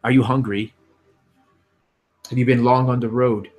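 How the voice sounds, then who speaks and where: A man plays a wise older ranger in a tabletop game. The figure speaks in a measured, formal manner. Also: mid-range voice, little pitch movement, darkish tone, pitched above the performer's own voice, natural voice.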